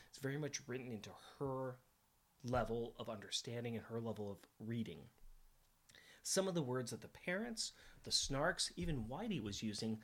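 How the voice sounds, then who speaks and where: A man's voice: mid-range voice, fairly bright tone. A middle-aged man co-hosting a casual comic book podcast, enthusiastic and jokey, laughing often. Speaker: podcast co-host.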